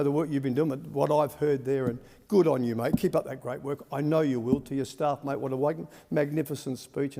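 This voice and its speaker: An Australian senator giving a rambling, folksy farewell speech in parliament, calling the listener "mate" again and again. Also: male voice, medium pitch, gravelly, dark tone, slight background noise. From Western Australia. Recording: reverberant parliamentary chamber.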